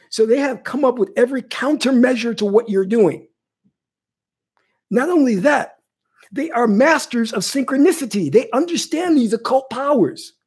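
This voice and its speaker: A woman's voice: a little high, a little mellow, slightly rough. A woman spiritual coach giving an impassioned monologue, emphatic and repetitive, pleading with her listeners.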